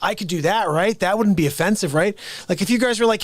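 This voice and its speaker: A man's voice: sits high, dry recording. A man hosting a casual live talk show, rambling and joking with many restarts. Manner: rambling, quick restarts, jokey. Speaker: host.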